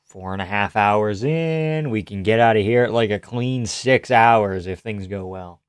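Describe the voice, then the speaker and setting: A man's voice: lowish voice, unhurried, smooth, dry recording, clean studio sound. A young man hosting a live stream, chatting casually, joking around and reacting to viewer chat. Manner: rambling, jokey, reads chat aloud.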